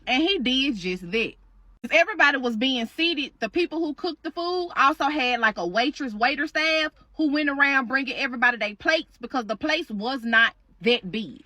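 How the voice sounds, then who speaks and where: Chatty woman storyteller, slangy and profane, bright and sharp tone. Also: sits high, expressive, a little fast, no room sound. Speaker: storytime host. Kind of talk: casual second-person storytelling.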